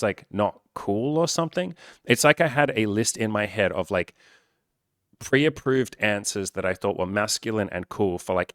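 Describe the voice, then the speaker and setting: A man's voice: lowish voice, a bit bright, no room sound, clean studio sound. A young man talking casually to camera as a dating coach, candid and full of swearing and filler words.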